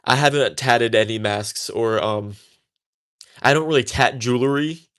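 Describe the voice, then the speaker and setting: A man's voice: medium pitch, a little slow, fairly bright tone, clean tone. A young man talking casually about his craft while he works, chatty and a bit defiant, with many fillers and restarts. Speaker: tatting creator.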